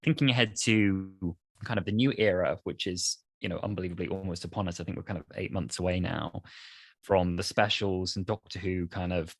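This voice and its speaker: A young man in his twenties hosts a podcast and asks long, winding questions full of "kind of". His voice is very low. The sound is close and dry, with no room echo. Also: steady tone, a little fast. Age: 20s. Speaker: podcast host. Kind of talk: casual podcast interview.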